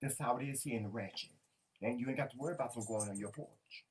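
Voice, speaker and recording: A man co-hosting a casual talk show, animated and colloquial, often laughing as he tells stories. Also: medium pitch, quick pace. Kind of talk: casual chat.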